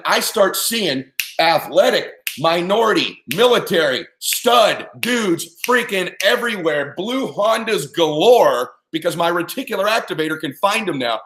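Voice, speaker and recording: A man with a somewhat high voice answers an interviewer in an emphatic, motivational way. He speaks in punchy bursts and keeps checking that his listeners follow him. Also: fairly bright tone. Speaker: interview guest, performance coach.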